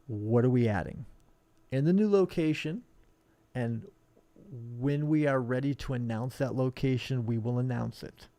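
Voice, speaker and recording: A man's voice: mid-range voice, a little slow, warm tone, dry recording. A man who owns a hobby shop, talking bluntly and combatively in a rambling live stream. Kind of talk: live-streamed casual talk.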